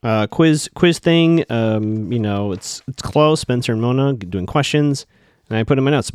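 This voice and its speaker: Male recap host, mid-pitched voice, casual and rambling, dry close sound. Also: lively intonation, moderate pace, darkish tone, clear, resonant tone, dry recording. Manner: chatty, rambling, questioning.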